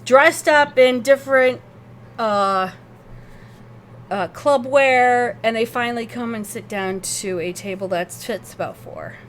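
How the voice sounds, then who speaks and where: A woman running a tabletop role-playing game as game master, narrating scenes in a lively, descriptive way with frequent self-corrections. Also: on the high side, slow pace, slight background noise.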